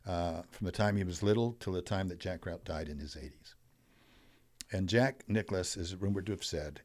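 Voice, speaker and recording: An older man, a guest on a podcast, telling an animated story about business and mindset, his voice swelling and dropping as he makes his point. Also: sits low, moderate pace. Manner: animated storyteller, rising and falling in loudness. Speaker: podcast guest, wealth coach.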